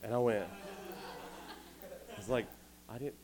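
A man's voice: mid-range voice, fairly even intonation, a little slow, a crowd in the background, low-quality recording. A man, a little tired, giving a casual camp sermon full of self-deprecating stories. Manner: chatty, self-deprecating storyteller. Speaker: youth camp speaker. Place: indoor camp meeting hall.

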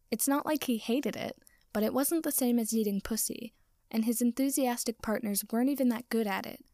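A woman narrating a story aloud in a soft, slow voice that often drops to a whisper. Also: medium pitch, gravelly, dry recording, studio quality. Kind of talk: reading fan fiction aloud.

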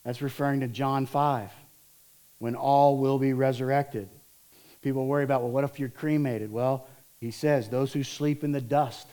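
Lively preaching pastor, a man. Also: medium pitch, moderate pace. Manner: lively storytelling, acts out voices of disciples and Martha. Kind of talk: sermon.

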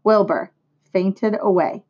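Female teacher narrating a storybook, measured read-aloud, muffled lo-fi recording. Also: medium pitch, a little mellow. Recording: dull lo-fi recording.

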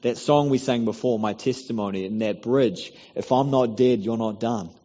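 A man preaching a sermon in a church, earnest and pleading, building to loud encouragement. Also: medium pitch, normal speed. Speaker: pastor. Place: church hall. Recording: dull recording in a reverberant hall.

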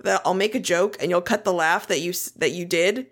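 A woman co-hosting a podcast in casual chat, blunt and quick to swear and laugh. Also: on the low side. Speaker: podcast co-host.

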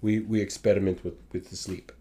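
A man voicing a gruff Russian male scientist with a mock Russian accent, in a low deadpan drone. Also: a little fast.

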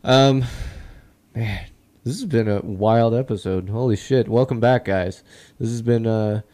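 A man's voice: lowish voice, unhurried, mellow. A man hosting a podcast in casual chat, laid-back, swearing often and laughing a lot. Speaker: podcast host.

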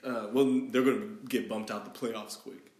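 A man's voice: on the low side, fairly even intonation, moderate pace, darkish tone. A man hosts a casual sports talk, chatty and steering the conversation forward. The room around him sounds echoey.

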